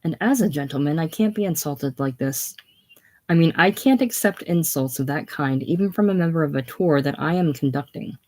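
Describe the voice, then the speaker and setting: A reader voicing a defrocked male minister and tour guide near hysteria, talking in strained, halting protests. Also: mid-range voice, animated, a little mellow. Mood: indignant.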